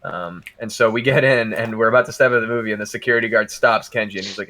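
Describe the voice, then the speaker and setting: Man, podcast storyteller, bright forward tone, animated, laughs easily. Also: fairly low pitch, rapid-fire, few pauses. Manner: animated, laughs through his own anecdotes. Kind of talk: casual storytelling.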